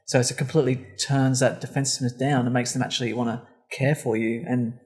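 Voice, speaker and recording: A man's voice: medium pitch, little pitch movement, fast, a little mellow. A man hosting a casual podcast, thinking aloud in rambling sentences. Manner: thoughtful, rambling with restarts. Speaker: podcast host.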